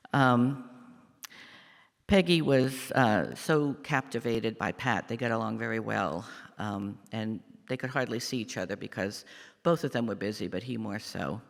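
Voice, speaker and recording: Older man, gravelly, halting reflective lay speaker in a reverberant church. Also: mid-range voice. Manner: halting, reflective storytelling with many fillers. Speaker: lay speaker giving a meditation. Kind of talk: personal family story in a church service. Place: church sanctuary.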